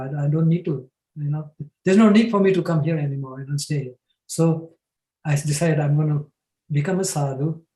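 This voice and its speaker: An older man from New Jersey, a panelist, telling a long personal story in a relaxed, anecdotal way with chuckles. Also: a little high, roomy sound, low-quality recording.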